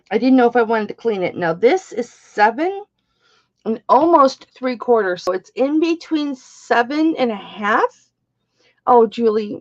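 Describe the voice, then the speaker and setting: A middle-aged woman hosts a live-stream jewelry sale, talking slowly and easily. She is chatty and bawdy and greets her viewers by name. Her voice comes through slightly muffled, lo-fi stream audio. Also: fairly high pitch. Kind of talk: live-stream auction chat.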